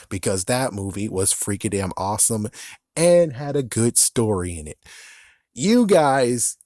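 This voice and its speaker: A man's voice: medium pitch, dry recording, clean studio sound. Man ranting in a rambling way. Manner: exasperated, rambling, self-interrupting. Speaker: vlogger. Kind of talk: casual ranting commentary.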